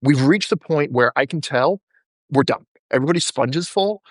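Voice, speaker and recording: A man's voice: a little high, normal speed, dry recording, studio quality. A male podcast host telling stories in a casual interview chat and acting out the people he quotes. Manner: animated, acts out quoted people in his stories.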